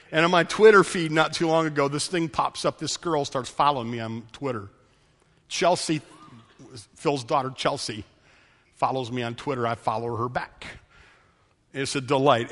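A man preaching a sermon as pastor, passionate, swinging between loud pleading and quiet storytelling, in a church sanctuary. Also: a little high, in a large hall.

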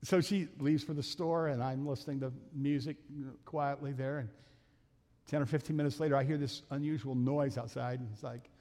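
Folksy middle-aged pastor in a reverberant hall. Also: male voice, medium pitch, steady tone, moderate pace, mellow. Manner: folksy, acts out family voices in his story. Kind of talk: storytelling sermon. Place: church sanctuary. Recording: reverberant church hall with faint music.

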